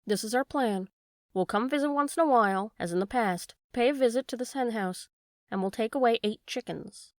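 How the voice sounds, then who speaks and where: A woman's voice: a little high, brisk, no echo, studio quality, natural voice. A woman voicing a sly weasel thief who speaks in a sweet, coaxing way, in a storybook reading. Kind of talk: storybook read-aloud.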